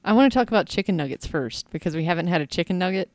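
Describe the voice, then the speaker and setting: A woman's voice: lowish voice, animated, very fast, no echo. A woman co-hosting a casual podcast who laughs easily and tells rambling stories. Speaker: podcast co-host. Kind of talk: casual chat.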